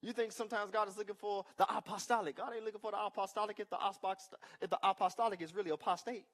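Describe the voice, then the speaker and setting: A male pastor preaching a sermon with emphatic call-and-response asides, swinging between loud declarations and quiet remarks. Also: sits high, fairly even intonation, quick pace.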